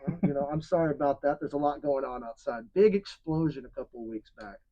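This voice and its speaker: A man's voice: fairly high pitch, fast talker, dark tone, dull audio. A man hosting a comedy show in character, brash, jokey and profane with his guest. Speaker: host in costume. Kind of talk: comedic skit and interview hosting.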